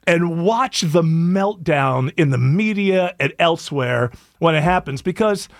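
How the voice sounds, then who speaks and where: A male radio host with a high voice that swings up and down a lot as he rambles through sarcastic opinions. The sound is dry and close. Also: expressive, a little slow, gravelly, dry recording. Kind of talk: casual comedic talk radio banter.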